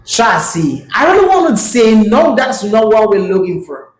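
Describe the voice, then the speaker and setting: A woman's voice: medium pitch, big pitch swings, a little slow, roomy sound, poor audio. A woman hosting a reaction video, chatting casually and exclaiming as she talks back to a clip.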